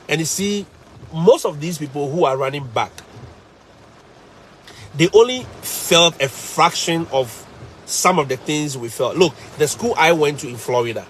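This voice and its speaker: A man with a Ghanaian English accent, a teacher, casually telling stories to live viewers in an animated, emphatic way, repeating phrases for effect. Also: on the high side, a little slow, pauses often, a little hiss or hum.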